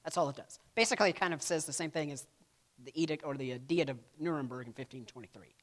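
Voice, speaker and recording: A man's voice: a little high, fast, fairly bright tone. A man teaching a church history class in a casual lecture style, often checking in with "right?" and acting out quotes. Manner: casual, peppers lines with "right?"; acts out quotes in playful voices.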